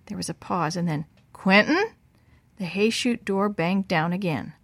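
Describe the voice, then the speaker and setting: A woman's voice: on the low side, normal speed, no echo. Woman storyteller, children's story, dry close sound. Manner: lively voices for the boys' lines. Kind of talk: scripted storybook narration.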